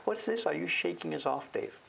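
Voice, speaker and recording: Older guy from canada rambling on a live stream while he carves, gravelly voice, easygoing. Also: a little high, lively intonation, a little fast, a bit bright, a little hiss or hum. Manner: rambling, chatty, talks while he works. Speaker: woodblock printmaker streaming live. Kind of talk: casual livestream chat while carving.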